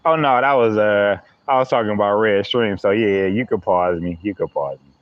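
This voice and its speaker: A man's voice: on the low side, moderate pace, no room sound, dull audio. A man using hosts a live stream, chatting playfully with viewers and laughing often. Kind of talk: joking live-stream chat.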